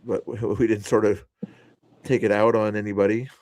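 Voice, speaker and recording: A man's voice: fairly low pitch, level tone, fairly quick, very noisy. A man hosting a livestream, chatting casually about politics and commenting on clips he is rewatching. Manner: conversational, laughs and comments while rewatching clips. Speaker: stream host.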